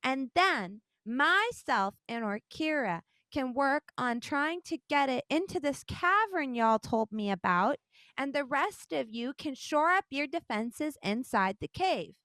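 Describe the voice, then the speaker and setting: A woman's voice: high-pitched, very animated, measured pace, fairly bright tone, dry recording, pitched above the performer's own voice, exaggerated voice. A woman voicing a casual, motherly female turtle goddess who talks in breezy modern slang. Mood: planning.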